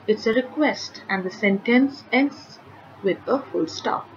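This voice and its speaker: A woman teacher walks children through a grammar lesson, reading each example sentence slowly and deliberately. Her voice comes through a slightly dull recording with a faint hiss underneath. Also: medium pitch, lively intonation. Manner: slow, careful, clearly enunciated reading of example sentences.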